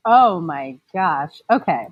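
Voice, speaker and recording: A woman's voice: fairly low pitch, lively intonation, takes it slowly, no echo, lo-fi sound. A woman in her forties, a mom blogger, chatting casually as an interview guest with lots of fillers and easy laughter. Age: 40s.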